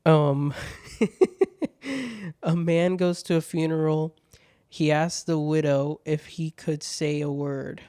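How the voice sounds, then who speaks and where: A man's voice: on the high side, slow, long pauses, warm tone, smooth, dry recording, clean studio sound. A man hosting his own show, reading out viewer questions and jokes in laid-back casual chat, swearing freely.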